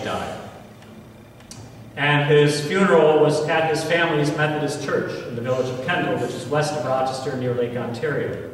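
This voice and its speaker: A man in his forties with an American accent, a priest telling a personal story in a homily, earnest and slow with emphatic pauses. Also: a little high, fairly bright tone, a little hiss or hum. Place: large church. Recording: echoey church hall from far off.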